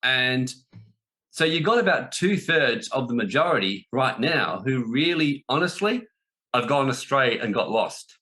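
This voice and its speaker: A spiritual teacher gives a talk in a bright, forceful, mid-pitched voice, very animated yet unhurried. He's blunt and emphatic, repeating phrases to hammer each point home.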